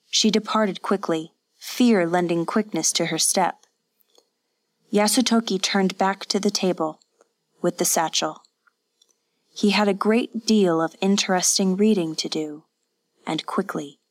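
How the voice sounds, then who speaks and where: Woman audiobook narrator, slow and measured, fairly low voice, dry close recording. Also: dry recording. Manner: measured, even storytelling. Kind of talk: scripted narration.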